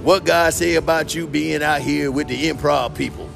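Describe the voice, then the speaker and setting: A man puts on a loud, cocky street character for a comedy sketch, boasting and bristling with slang. The voice rides a little high and carries a heavy gravelly fry. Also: steady tone, normal speed, music in the background. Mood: incredulous.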